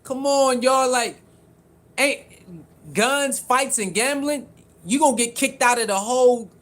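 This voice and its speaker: Animated high-voiced man riffing to viewers. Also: slow. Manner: animated, repetitive, talks straight to viewers. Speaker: sports commentary streamer. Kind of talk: casual reaction commentary, reading viewer comments.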